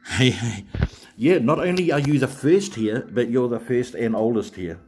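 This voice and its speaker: A man's voice: medium pitch, lively intonation, normal speed, darkish tone, soft background music. A man, hosting a live stream and rambling chattily to viewers with many fillers and restarts. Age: 40s.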